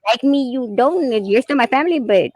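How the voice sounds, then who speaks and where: A woman hosting a casual chat, talking in a quick, chatty and encouraging way. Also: high voice, animated, darkish tone, dry recording, clean studio sound.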